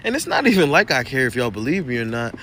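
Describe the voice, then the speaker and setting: A man's voice: medium pitch, big pitch swings, fast talker, bright, forceful tone. A young man ranting sarcastically and with exasperation, inside a car. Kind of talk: selfie video rant.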